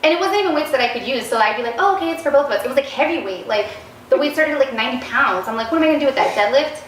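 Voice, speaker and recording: A woman's voice: high voice, animated, racing. A woman guest in a casual interview, telling stories animatedly and acting out the quoted dialogue. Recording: roomy, distant mic, faint noise.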